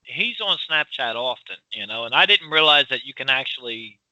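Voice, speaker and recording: A man from Philadelphia with a Philly accent, co-hosting a casual chat, loud and rambling with frequent laughs. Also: medium pitch, expressive, moderate pace, dry recording, poor audio. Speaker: podcast co-host.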